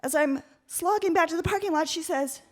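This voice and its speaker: A woman from Oakland tells a comic personal story live on stage. Her voice sits high, and her delivery is candid and wry. She gets more animated as the story builds. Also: a little fast. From Oakland, United States.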